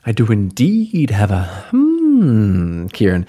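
A man co-hosting a podcast in casual chat, jokey and quick to laugh. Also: lowish voice, huge pitch swings, mellow. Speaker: podcast co-host.

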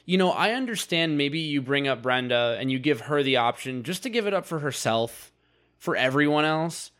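A man's voice: on the high side, lively intonation, a bit bright. Thoughtful man on a podcast. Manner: thoughtful, reasoned, slightly halting. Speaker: podcast co-host. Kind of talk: casual podcast recap chat.

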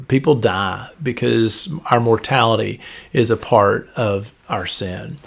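Male pastor, podcast sermon, gravelly and a little husky, earnest, conversational, repeats phrases for emphasis. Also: mid-range voice. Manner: earnest, conversational preaching with repetitions.

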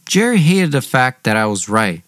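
A man's voice: medium pitch, very animated, moderate pace, fairly bright tone, no room sound. A young man narrating his own story in a plain, conversational way.

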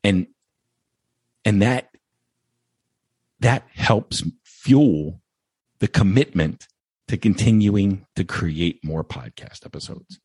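A man's voice: fairly low pitch, slow pace, pauses often, a little mellow, husky, no echo. A man hosting a podcast, talking earnestly and emotionally, repeating phrases as he thanks his listeners. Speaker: podcast host. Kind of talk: heartfelt podcast monologue.

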